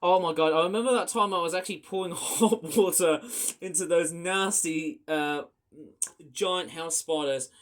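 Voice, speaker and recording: High-voiced excitable man vlogging. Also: moderate pace. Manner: excitable, rambling, with many fillers. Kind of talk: rambling casual vlog chat.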